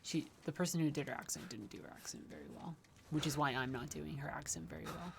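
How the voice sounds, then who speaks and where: A woman's voice: low voice, quick pace, gravelly, background noise. A woman livestreaming a game, giving chatty, wry commentary with rambling asides. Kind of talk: casual gameplay commentary.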